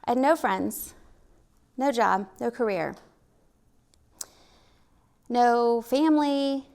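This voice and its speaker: A middle-aged storyteller from Oklahoma takes her time onstage at a live event, her fairly high voice creaky and darkish. With a slight Oklahoma accent, she relates her personal story through candid, self-deprecating humor.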